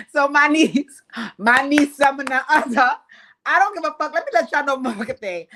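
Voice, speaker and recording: A woman doing casual, animated reality-show commentary, swearing freely. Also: fairly high pitch. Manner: animated, profane, laughing asides. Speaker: show recap vlogger.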